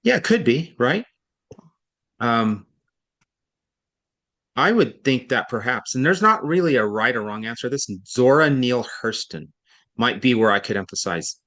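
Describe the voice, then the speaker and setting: A man's voice: medium pitch, animated, normal speed, long pauses, sharp tone. A man tutoring a student in reading over an online session, explaining step by step in a patient, thinking-aloud way with frequent self-corrections.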